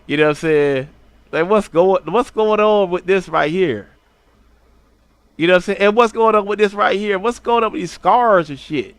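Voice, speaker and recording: A man hosting a livestream, roasting someone loudly and profanely, jumping into shrieking high tones to mock and often asking "you know what I'm saying". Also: moderate pace, smooth, no room sound. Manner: loud mocking roasting with shrieking high jumps. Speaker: livestream host. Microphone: streaming setup at a computer.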